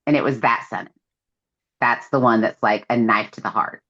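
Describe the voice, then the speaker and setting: This co-host of a laid-back book podcast has an extremely low, slightly bright voice and talks at a moderate pace. She retells scenes, quoting what the characters say and leaning heavily on fillers, all in dull-sounding audio.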